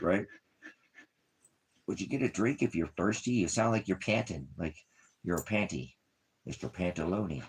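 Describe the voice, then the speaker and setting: He has a low, husky voice. Preaching for a small ministry, he talks off the cuff as if livestreaming, drifting around his topic, joking, and turning to address his dog between points.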